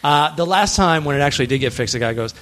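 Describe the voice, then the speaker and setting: A man's voice: fairly high pitch, lively intonation, fast, a bit bright. A man co-hosting a podcast, chatting casually and teasing the others while telling stories. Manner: teasing storyteller. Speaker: podcast co-host. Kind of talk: casual chat.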